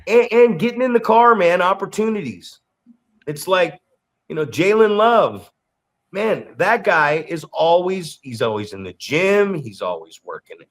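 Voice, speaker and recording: A high-pitched man who coaches wrestlers co-hosts a podcast, speaking at a measured pace in casual chat. He tells stories animatedly, repeats words, and swears freely.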